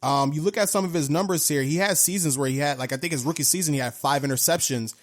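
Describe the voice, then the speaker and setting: A man's voice: fairly high pitch, fast talker. A man co-hosting a casual sports chat, upbeat and conversational, sometimes repeating himself. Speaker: co-host.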